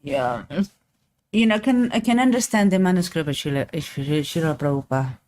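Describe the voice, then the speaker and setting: A woman's voice: deep voice, animated, normal speed, darkish tone, a little hiss or hum. A woman with as her in a casual study discussion, answering with short interjections and playful remarks. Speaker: co-host.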